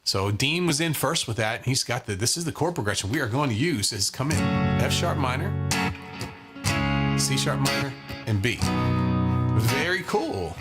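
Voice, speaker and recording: A man's voice: mid-range voice, expressive, normal speed. A man hosting a live guitar lesson in a casual, chatty way, greeting viewers by name and using lots of fillers. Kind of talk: casual live-stream teaching.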